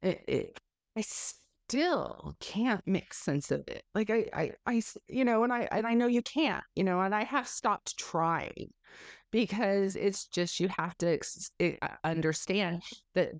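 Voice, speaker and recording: A woman's voice: mid-range voice, expressive, a little slow, gravelly, no room sound, studio quality. A woman telling her own story in an interview, candid and emotional, swearing freely.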